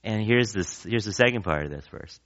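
A man's voice: fairly low pitch, lively intonation, a little fast, a bit bright, lo-fi sound. A man preaching a sermon in a conversational way, often asking the congregation questions. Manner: conversational, asks the crowd questions, acts out quotes. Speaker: pastor.

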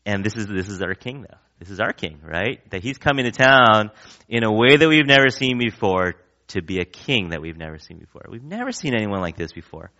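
Bright-voiced man preaching casually. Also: on the low side, animated, brisk, highs cut off. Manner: conversational, asks the crowd questions, acts out quotes. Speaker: pastor. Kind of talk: sermon.

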